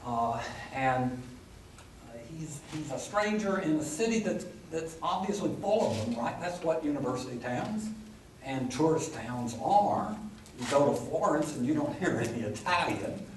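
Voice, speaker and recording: A man's voice: on the high side, animated, unhurried, recorded from a distance. A man delivers a rambling, conversational Bible lecture, peppered with fillers and dry humorous asides. He sounds set back from the microphone in a reverberant hall. A faint hum sits underneath. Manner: conversational, with frequent fillers and restarts. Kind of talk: classroom lecture. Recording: roomy, from the mic, faint hum.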